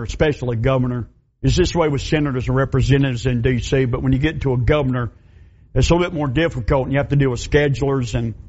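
A man's voice: medium pitch, a little mellow. A middle-aged man, a pastor preaching and telling a story in folksy, emphatic, repeating phrases. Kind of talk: sermon storytelling. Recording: dull lo-fi recording.

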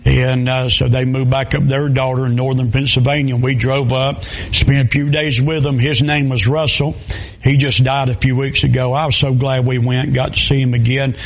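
A man with a drawl preaching from the pulpit, telling homespun stories in loose country grammar. His pitch sits mid-range for a man, and the recording sounds somewhat dull and lo-fi. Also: flat delivery, moderate pace. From Southern US. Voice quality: folksy, storytelling with dialect grammar. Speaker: pastor. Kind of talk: sermon.

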